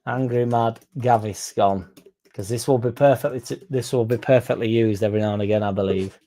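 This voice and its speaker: Young Yorkshire man, chatty fan host, laddish and crude, warm low tone. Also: steady tone, brisk. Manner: sweary, laddish and jokey. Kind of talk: casual chat.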